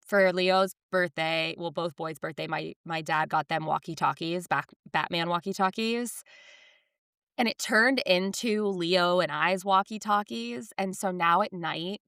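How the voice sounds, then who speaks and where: A woman's voice: on the low side, vocal fry, smooth, no room sound, studio quality. A woman in her thirties co-hosting a podcast, chatting casually and acting out voices when she tells stories. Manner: animated storyteller, acts out voices in quotes. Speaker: podcast co-host. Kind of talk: casual chat.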